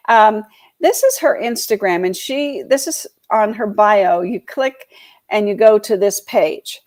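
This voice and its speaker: A woman's voice: mid-range voice, slow. A woman from Georgia hosting a casual live show on real estate, chatty and rambling, with many fillers and laughs. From Georgia, US South. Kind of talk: casual live-stream talk.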